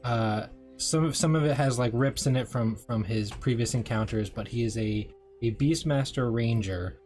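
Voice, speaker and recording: In casual tabletop chat, a male player with a medium-pitched, darkish voice describes his character at a moderate pace, rambling and hesitating. Faint music plays in the background.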